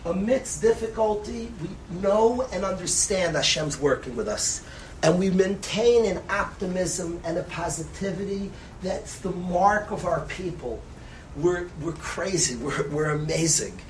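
A man giving an impassioned sermon as a rabbi. He swings between loud emphasis and soft, hushed phrases, and repeats lines for stress. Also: high voice, measured pace, slight background noise, rough recording.

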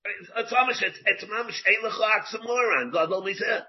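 Man, rabbi, Talmud class lecture, high-pitched, husky, repeats phrases, dull lo-fi recording. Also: fairly quick. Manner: rhetorical questions, repeats phrases, mixes in Hebrew terms.

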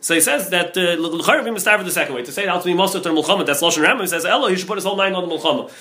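Male rabbi lecturing on Talmud; rapid, repetitive delivery with a high, bright voice. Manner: rapid, repetitive, heavy with Hebrew and Yiddish terms.

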